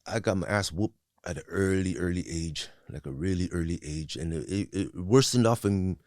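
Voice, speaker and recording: This guest, a man in his forties whose first language isn't English, tells his personal story frankly and with lots of swearing, often restarting and saying "you know what I mean." He talks at a moderate pace in a low, slightly mellow voice, recorded dry at studio quality.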